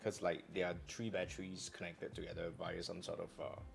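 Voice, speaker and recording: A Malaysian man in his thirties with a Malaysian English accent, hosting a loose live-stream chat. He jokes and teases, sprinkles his talk with "lah", and jumps into loud bursts. Faint music plays in the background. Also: deep voice, little pitch movement, brisk, creaky. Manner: joking and teasing, loud bursts, slang particles like "lah". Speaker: show host.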